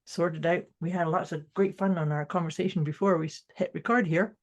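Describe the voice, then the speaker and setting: New woman, podcast co-host, husky and breathy, reflective and thoughtful. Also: on the low side, fairly even intonation, a little fast. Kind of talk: casual chat.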